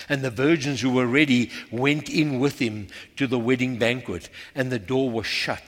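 A man with a South African accent preaching a sermon in a church, emphatic and repetitive, swinging from loud calls to hushed intensity. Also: medium pitch, fairly even intonation, moderate pace, few pauses. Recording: reverberant church hall.

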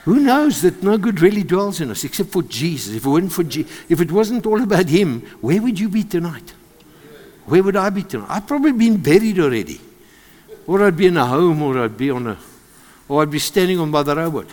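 A man with a South African accent preaching a sermon, animated and joking with the congregation. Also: a little high, a little fast. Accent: South African English. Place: church service with congregation. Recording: long hall reverb.

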